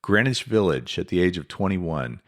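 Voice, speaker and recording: A man's voice: low-pitched, lively intonation, moderate pace. A man hosting a podcast, telling a life story in a casual, chatty way with lots of asides. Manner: conversational, many fillers and asides. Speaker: podcast host.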